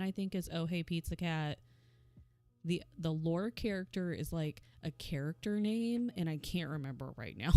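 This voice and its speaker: A young woman streamer chatting casually at her home setup, soft-spoken and full of "like" and little laughs. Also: on the low side, no room sound. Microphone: desk microphone.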